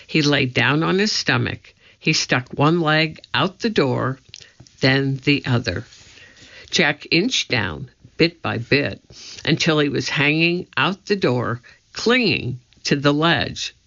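A woman reading a children's storybook aloud in a measured, deliberate way, in a slightly dull lo-fi recording. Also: low-pitched, animated, creaky, a bit bright. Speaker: audiobook reader.

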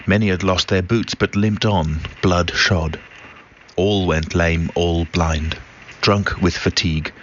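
A man reciting a war poem in a grave, deliberate reading. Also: deep voice, fairly even intonation, fairly bright tone. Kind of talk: poetry recitation. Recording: dull recording with faint noise.

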